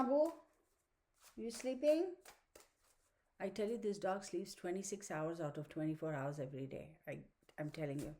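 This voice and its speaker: A woman's voice: fairly low pitch, a little mellow. A woman tarot reader, talking casually and rambling to her viewers. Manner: rambling, chatty, addresses viewers as y'all. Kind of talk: casual talk to camera.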